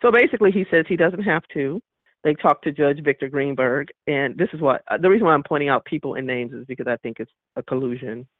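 A man with a higher-pitched voice calls in to a radio show and tells his story fast, indignant and emphatic, acting out the quoted dialogue. The tinny phone line is dry, with no room sound.

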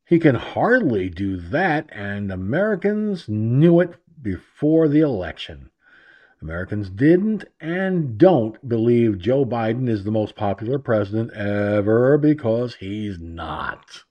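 A man's voice: fairly low pitch, very animated, slow, highs cut off. A man hosting an internet radio show, delivering a sarcastic, rambling political monologue and repeating himself.

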